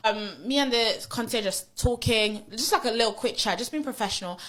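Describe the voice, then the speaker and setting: A woman in casual podcast chat, telling a story in an animated way and acting out the lines of the people in it. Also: on the high side, fairly quick.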